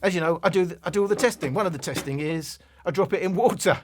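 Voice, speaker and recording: A man's voice: high voice, fast talker, a little hiss or hum. A man from London with a Cockney accent, talking casually and bluntly as he reviews a speaker, with plenty of digressions. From England, London. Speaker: tech reviewer.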